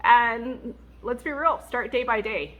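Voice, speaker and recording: A woman speaks as a Christian mom vlogger, offering candid advice rooted in her faith. She talks in a chatty, expressive way and laughs easily. She brings the stories to life by acting out what other people said. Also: fairly high pitch, slow pace. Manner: laughs often.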